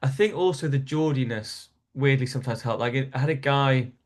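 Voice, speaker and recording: Animated man telling a comedy anecdote. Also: mid-range voice, moderate pace. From North East England. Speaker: stand-up comedian, podcast guest. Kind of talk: storytelling in casual interview.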